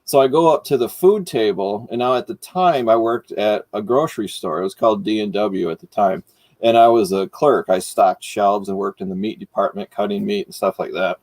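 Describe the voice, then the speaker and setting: A middle-aged man from Michigan, hosting and casually telling a story, animated and laughing as he goes. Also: fairly low pitch, fairly quick, dry recording. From Michigan, United States. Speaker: host.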